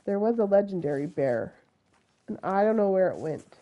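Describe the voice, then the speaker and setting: A woman's voice: medium pitch, animated, normal speed, warm tone. A woman from Utah with a Utah accent, chatting through live gameplay commentary and talking to the animals on screen. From Utah, USA. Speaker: game streamer.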